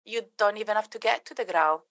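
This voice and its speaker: A woman's voice: medium pitch, fast talker, a bit bright, no echo. Earnest woman dog trainer, dry sound. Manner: earnest, many restarts, acts out quoted voices. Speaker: dog trainer and behaviourist guest. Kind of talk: interview answers.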